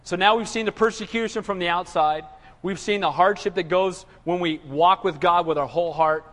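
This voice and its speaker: A man preaching a sermon in an animated call-and-response manner. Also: high voice, a little fast. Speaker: pastor. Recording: reverberant hall.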